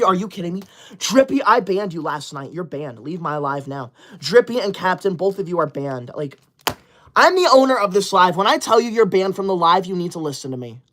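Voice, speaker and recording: A woman hosting a casual livestream, reading super chats aloud and scolding viewers in a bossy, indignant way, breaking into sudden shouted outbursts. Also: lowish voice. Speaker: livestream host.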